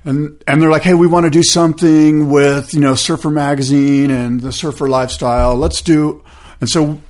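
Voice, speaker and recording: A man's voice: on the high side, fairly even intonation, moderate pace, a little mellow. A man in his fifties telling a long story as a podcast guest, rambling with lots of fillers and acting out what others said. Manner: rambling, filler-heavy, acts out quoted voices. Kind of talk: casual storytelling interview.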